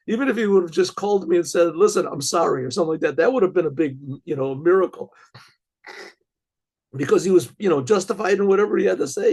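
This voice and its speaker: Gravelly-voiced rabbi telling a story. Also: male voice, a little high, darkish tone. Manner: halting, with frequent restarts and throat-clearing.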